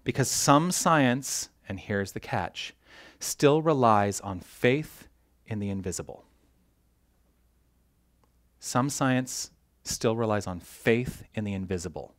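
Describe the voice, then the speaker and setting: A man preaching a sermon as a minister, animated and joking with his congregation, tripping over his words when excited. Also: lowish voice, slow, long pauses. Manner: animated, self-interrupting, jokes with the congregation. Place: church hall.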